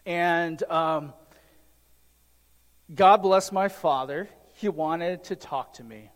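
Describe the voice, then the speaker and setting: High-voiced man preaching in a reverberant hall. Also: slow. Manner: conversational, joking asides to the congregation. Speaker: pastor. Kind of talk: sermon. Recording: long reverb of a large hall.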